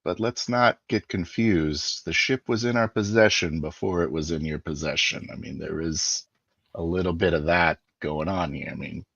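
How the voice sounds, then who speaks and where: Deep-voiced man haggling in character. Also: normal speed, vocal fry, a bit bright, husky, no echo, muffled recording. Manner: persuasive, haggling, with fillers. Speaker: player. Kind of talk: in-character tabletop role-play.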